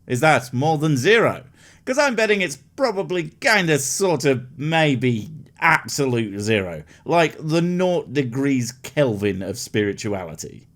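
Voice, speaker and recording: A man's voice: a little high, very animated, measured pace. A man giving sarcastic, mocking comedy commentary over a video.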